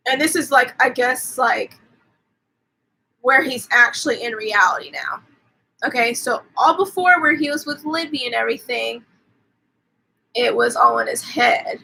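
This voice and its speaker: Lady on a live stream recapping a movie, bright kinda high voice, says like constantly. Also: creaky, poor audio. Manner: rambling, fills every pause with "like", swears casually. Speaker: host. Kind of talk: casual movie recap on a livestream.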